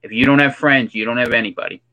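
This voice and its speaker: A man's voice: medium pitch, fairly even intonation, quick pace, sharp tone, close to an everyday voice, low-quality recording. A man playing a preachy conspiracy theorist character in a comedic monologue, full of ominous rhetorical questions and an affected accent. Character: preachy male conspiracy theorist in hoodie and sunglasses.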